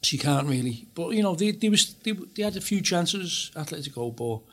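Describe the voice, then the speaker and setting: A man's voice: a little high, expressive, brisk, fairly bright tone. A man hosting a casual football chat, rambling with many fillers and restarts. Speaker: host.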